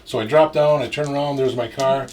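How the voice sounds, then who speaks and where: A man's voice: medium pitch, steady tone, fairly quick, a little mellow. A middle-aged man from Minnesota telling a long, rambling story with many fillers and restarts and some swearing. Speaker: storyteller guest. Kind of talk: casual anecdote. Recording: distant mic with faint noise.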